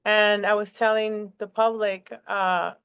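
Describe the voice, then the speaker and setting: A woman in rambling casual chat on a video call, halting and full of fillers and restarts. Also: mid-range voice, little pitch movement, a bit bright, smooth, no echo. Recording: dull lo-fi call audio.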